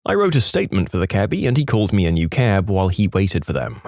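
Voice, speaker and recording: A man narrating online stories in an expressive, scripted storytelling manner. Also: deep voice, quick pace, no echo, clean studio sound.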